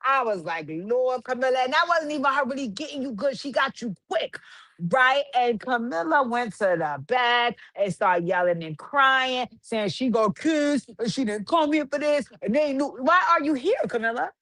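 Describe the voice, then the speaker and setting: A woman's voice: high-pitched, expressive, normal speed, fairly bright tone, dry recording. A woman hosting a livestream, recapping reality TV in casual, profane chat with sing-song refrains. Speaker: livestream host.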